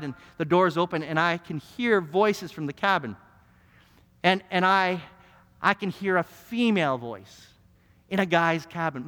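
A male pastor preaching a sermon, telling stories with emphatic, animated delivery. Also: high-pitched. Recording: long hall reverb.

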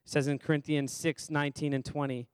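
There's no room sound as a pastor speaks at a quick pace in a slightly high, level voice that is clear and resonant. His sermon is conversational, and he quizzes congregants by name and repeats phrases to stress them.

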